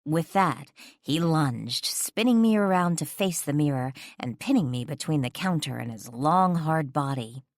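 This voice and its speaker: A woman narrating a first-person romance audiobook in an expressive storytelling voice. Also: low-pitched, unhurried, hardly any pauses, no room sound, clean studio sound.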